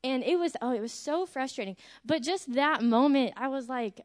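A woman, a teacher, telling an energetic and animated church testimony about a mission trip. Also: sits high, normal speed, hardly any pauses.

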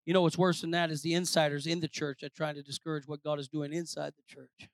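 Guy pastor preaching, loud then real quiet, dry mic, no room sound. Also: little pitch movement, quick pace, no room sound. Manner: swings from shouted preaching to low asides. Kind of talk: sermon.

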